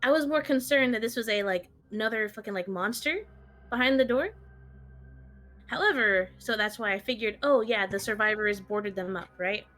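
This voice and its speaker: A woman playing a tabletop role-playing game, describing her character's moves in a relaxed, playful way. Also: mid-range voice, normal speed. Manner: playful, voices her character's speech in quotes. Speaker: tabletop player. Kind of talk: casual tabletop play.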